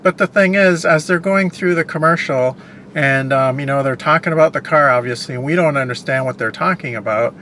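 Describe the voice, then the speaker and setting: A man's voice: a little high, fairly quick, sharp tone, a little hiss or hum. A man hosting a casual car review, talking in a rambling, digressive way full of ums and uhs, from inside a parked car. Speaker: car reviewer and show host.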